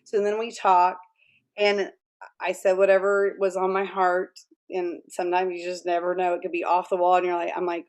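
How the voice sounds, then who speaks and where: A middle-aged woman, a guest author in a conversational interview, who tells animated stories, laughs often and acts out quoted lines. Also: lowish voice, moderate pace, smooth.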